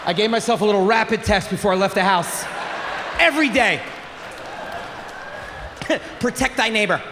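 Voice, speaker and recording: A man in his forties doing a crude, animated stand-up comedy set on a theater stage, with shouted punchlines. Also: high-pitched, normal speed, a crowd in the background, noisy background. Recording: live theater recording with long reverb.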